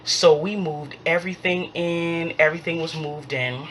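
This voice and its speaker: A woman vlogger telling a storytime, animated, acting out each quoted line. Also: deep voice, normal speed, slight background noise. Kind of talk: storytime vlog.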